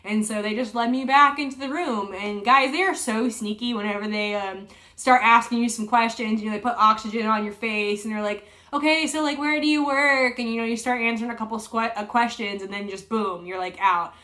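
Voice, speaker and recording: A woman's voice: medium pitch, steady tone, a little fast, sharp tone. A young woman telling a personal story to camera in a chatty, casual way, full of fillers and retold dialogue. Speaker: vlogger.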